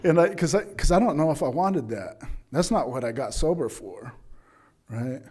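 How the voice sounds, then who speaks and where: A man's voice: medium pitch, mellow, slightly rough. Candid man telling his recovery story. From Utah, US. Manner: candid, rambling, frequent "right?" and "you know". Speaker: AA meeting speaker. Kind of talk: personal recovery story told to an audience. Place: AA speaker meeting.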